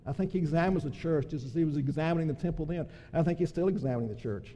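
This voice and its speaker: A man's voice: a little high, fast, few pauses, dark tone. A male pastor preaching a sermon in a church, fervent and emphatic with frequent restarts. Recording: long hall reverb.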